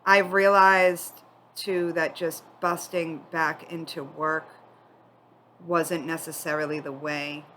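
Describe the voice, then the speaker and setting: A woman giving a spiritual tarot reading, tearful and crying as she talks in a candid, halting, confiding way. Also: deep voice, level tone, bright, forceful tone, slight background noise, poor audio. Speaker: tarot reader.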